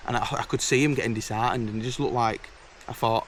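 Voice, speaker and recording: A man's voice: medium pitch, steady tone, fast talker, fairly bright tone. Man, chatty and blunt, outdoors in woods, faint background noise. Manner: chatty, blunt, exasperated anecdotes. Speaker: camping vlogger. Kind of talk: casual storytelling to camera. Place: outdoors in a woodland camp.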